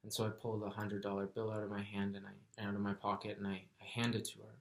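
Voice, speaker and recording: A man telling a personal story in a soft-spoken, earnest, reflective way. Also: on the low side, completely flat delivery, fast talker, gravelly. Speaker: vlogger.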